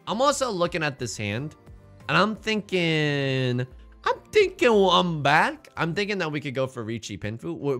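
A man's voice: medium pitch, pushed and bright. A male streamer giving casual, joking commentary on his game and reading chat in a playful, self-mocking way.

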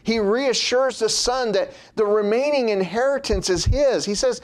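A man preaching a sermon in a slow, measured way, his pitch dropping at the end of phrases.

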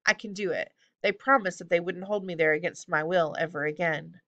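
A woman's voice: fairly low pitch, fairly quick, bright, forceful tone, dull audio. A woman voicing a determined young boy in a read-aloud storybook, earnest and plain. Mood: insistent. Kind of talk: audiobook reading.

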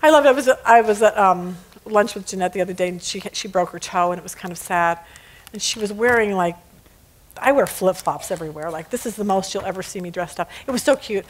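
A woman teaching a casual Bible study lesson, animated, often laughing and acting out little scenes. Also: medium pitch, fast, poor audio.

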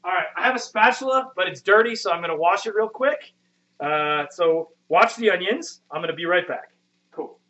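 A high-pitched, expressive man's voice sounds pushed and bright at a moderate pace, with slight background noise. He's in his thirties, live-streaming from a home kitchen in muffled lo-fi audio, chatting with viewers in a rambling, profane, self-deprecating manner.

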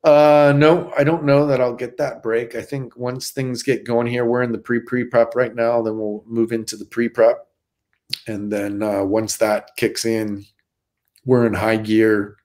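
Speaking unhurriedly in a mid-range voice, a middle-aged man appears as a stuntman guest in a casual interview. He's an animated storyteller who restarts often.

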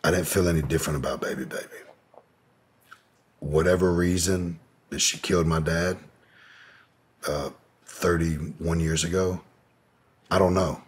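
A man's voice: sits low, steady tone, a little slow, pauses often, slightly rough. A man as an interview guest, telling a personal story in a candid, profane way with many fillers. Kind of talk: casual storytelling.

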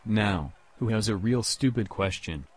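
A man's voice: on the low side, expressive, a little slow, slightly rough. A man playing a brash basketball star at a press conference, dismissive and full of "yo" and "man", in an amateur comedy skit. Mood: irritated. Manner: dismissive, peppers talk with "yo" and "man".

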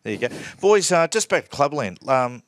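A middle-aged Australian man hosting a casual sports podcast in a studio, telling lively stories and acting out quotes. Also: mid-range voice, brisk, no echo. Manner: animated storyteller, acts out quotes. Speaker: podcast host.

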